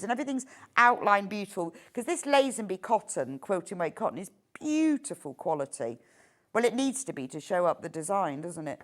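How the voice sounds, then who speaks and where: A middle-aged woman presenting a live sewing shopping show, chatty and enthusiastic. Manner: chatty, enthusiastic, lively pitch swings.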